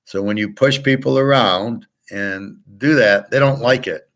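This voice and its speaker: A man's voice: on the low side, unhurried, fairly bright tone. A man delivering a blunt, profane monologue about markets, restarting and trailing off often. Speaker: sports betting and markets commentator. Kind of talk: ranting monologue.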